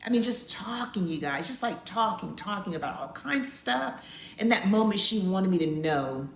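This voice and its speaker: A middle-aged woman co-hosting a podcast with her wife. She tells a story casually and acts out the quotes in a high voice. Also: a bit bright. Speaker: podcast co-host. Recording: echoey room with faint ambience.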